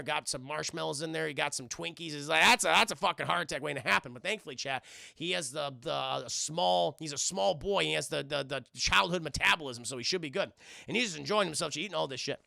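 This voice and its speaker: Gravelly animated man recapping a film. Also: fairly high pitch, a little fast, no room sound, studio quality. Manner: animated, acts out scenes in shouted voices, swears a lot. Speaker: film reviewer streaming to chat. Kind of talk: profane casual recap to live chat.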